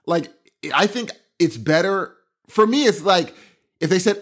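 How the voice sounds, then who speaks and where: A man co-hosting a podcast in casual chat, acting out dialogue with a rising voice. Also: moderate pace. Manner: lively, quotes dialogue with rising pitch.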